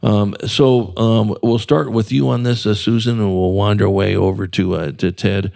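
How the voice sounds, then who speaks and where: Rambling jovial male host with a deep gravelly voice. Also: steady tone, moderate pace, warm tone. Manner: rambling, filler-heavy, jovial. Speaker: radio show host. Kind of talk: casual interview chat.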